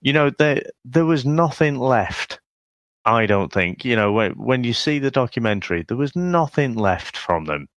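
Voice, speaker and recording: A man co-hosting a casual film chat, wry and relaxed, often ending remarks with a question. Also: mid-range voice, moderate pace, dry recording. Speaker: podcast co-host.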